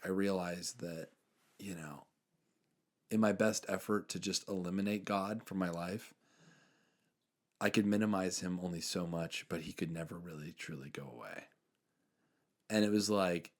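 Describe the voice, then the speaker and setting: Podcast host, young man, lowish voice, earnest and rambling storyteller. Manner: earnest storytelling, many fillers, trails off softly. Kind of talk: casual faith chat.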